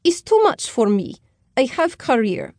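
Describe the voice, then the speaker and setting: A woman's voice: a little high, huge pitch swings, measured pace, a little mellow, no echo, clean studio sound, pitched above the performer's own voice. A woman voicing a brash young woman with a Slavic accent who speaks curt, broken English as she abandons her baby. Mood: snappish.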